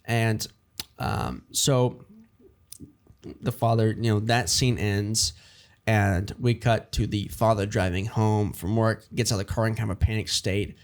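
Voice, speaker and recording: Rambling man pitching a story. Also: fairly even intonation, measured pace. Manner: rambling, many fillers and restarts, acts out lines. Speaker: writer pitching a story idea. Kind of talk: casual brainstorming chat.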